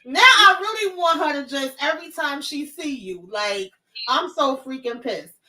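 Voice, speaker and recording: Woman host, high bright voice, a bit off mic, animated recap chat. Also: moderate pace, far from the mic, rough recording. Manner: animated retelling with profanity. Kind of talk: casual reaction chat.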